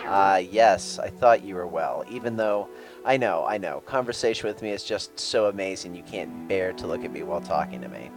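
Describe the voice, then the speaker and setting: A man's voice: low voice, lively intonation, normal speed, music in the background. A man giving casual gameplay commentary, chatting sarcastically to game characters and swearing freely. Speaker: let's play gamer.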